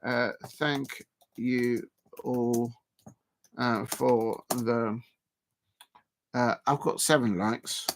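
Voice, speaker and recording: A man's voice: medium pitch, fairly even intonation, extremely slow, pauses often, a little hiss or hum. Chatty man hosting a livestream. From South London. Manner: rambling, chatty, reads and answers viewer messages. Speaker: livestream host. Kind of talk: live football watchalong chat.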